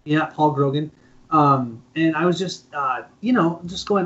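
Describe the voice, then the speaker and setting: A man's voice: fairly high pitch, unhurried, a bit bright. A man with a Minnesotan accent, a board game channel host chatting casually on a live stream and laughing often. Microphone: phone earlier, now mic. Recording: dull lo-fi stream audio.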